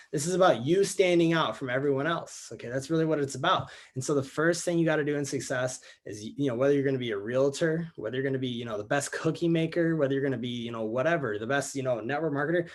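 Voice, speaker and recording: Young man pumping up his team. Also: medium pitch. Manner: energetic, repetitive, addresses listeners as guys. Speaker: network marketing team leader. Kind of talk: motivational training call.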